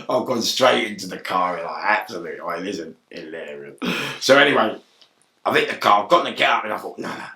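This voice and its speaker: A man with a London accent telling an excitable, animated story, laughing and shouting as he goes. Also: lowish voice, a little fast, creaky, reverberant, far from the mic. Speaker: interview guest.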